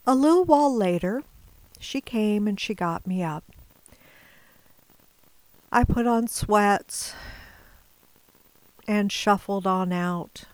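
A woman telling a personal story in a measured, deliberate way, now and then dropping to a whisper. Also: mid-range voice, dry recording, rough recording.

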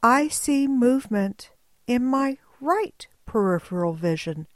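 Woman storyteller, unhurried, wry and animated, bone-dry close sound. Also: fairly high pitch, no room sound. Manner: wry, animated, slow and deliberate. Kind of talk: personal storytelling.

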